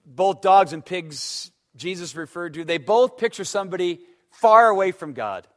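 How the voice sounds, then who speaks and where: A man preaching a sermon, telling stories and swinging between loud emphatic stretches and hushed ones. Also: sits high, expressive, moderate pace, few pauses. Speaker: pastor.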